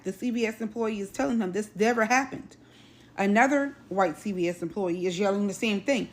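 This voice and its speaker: A woman's voice: medium pitch, a little fast. Woman retelling a story in urgent bursts. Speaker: host. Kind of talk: retelling a news story for social video.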